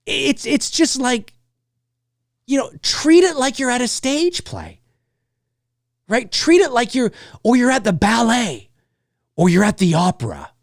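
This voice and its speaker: A man hosts his own livestream show and rants in a casual, exasperated way, dropping curse words freely. His pitch leaps and dips all over the place as he acts out noisy children. The sound is close and dry, with no room echo. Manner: animated, exasperated, swears freely, mimics noisy kids. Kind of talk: casual ranting monologue.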